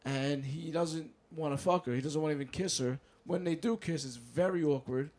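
A man's voice: fairly high pitch, normal speed, darkish tone. A man co-hosting a casual podcast, telling rambling, profane stories. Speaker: podcast co-host.

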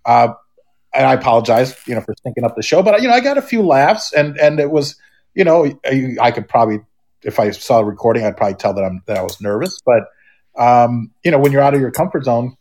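A man's voice: mid-range voice, lively intonation, fast talker, darkish tone. Rambling man in casual chat. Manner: rambling, many restarts and fillers. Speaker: podcast guest.

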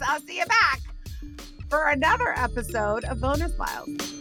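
A middle-aged woman from Texas hosting her own show, telling a comic story in an animated way and ending with a short devotional. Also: high-pitched, moderate pace, music in the background. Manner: animated, breaks into comic screams. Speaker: host. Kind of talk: casual storytelling with a devotional close.

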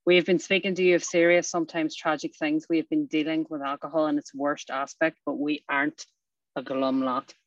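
Effusive meeting host, flat steady reading. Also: medium pitch, fairly quick, dry recording, lo-fi sound. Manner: warm and effusive, devout. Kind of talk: thanking the speaker and reading aloud.

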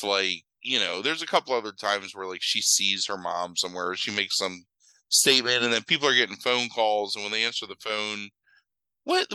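Bright, chatty man recapping a movie. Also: medium pitch, clean tone, no echo, poor audio. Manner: rambling, acts out scenes in quick mock voices; swears freely, lots of fillers. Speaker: podcast host. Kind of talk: casual movie recap chat.

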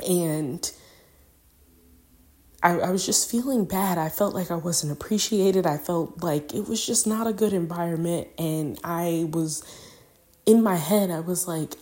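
A woman's voice: on the low side, unhurried, a little mellow. A young woman hosting a podcast, talking through a personal reflection in a rambling way with many fillers, open about her feelings. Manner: rambling, filler-heavy, openly emotional. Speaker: podcast host.

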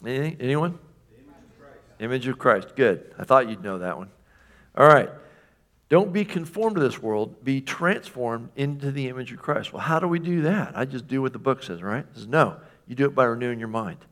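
A male pastor delivering a sermon in a relaxed, conversational way. He keeps asking the congregation questions and checking that they follow, with a mid-range voice. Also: mid-range voice, normal speed.

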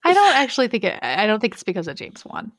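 A woman's voice: medium pitch, huge pitch swings, quick pace, fairly bright tone, no room sound, clean studio sound. A woman co-hosting a podcast in casual chat, chatty and giggly with lots of fillers. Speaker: podcast co-host.

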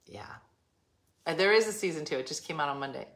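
Woman, live-stream host, low voice, chatty and rambling at home. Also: expressive, fast talker, a bit bright. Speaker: livestream host. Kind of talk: casual live-stream chat.

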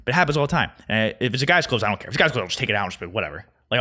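A young man hosting a solo podcast, rambling through a casual rant at a quick, anxious clip. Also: lowish voice, big pitch swings, bright, forceful tone. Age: young adult. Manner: fast, rambling, anxious storytelling. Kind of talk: casual ranting monologue. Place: Chicago.

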